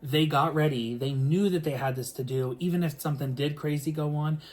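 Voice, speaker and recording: A man, a singer, telling a story to the camera in a casual, animated way, full of filler words and the odd swear word. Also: on the high side, brisk.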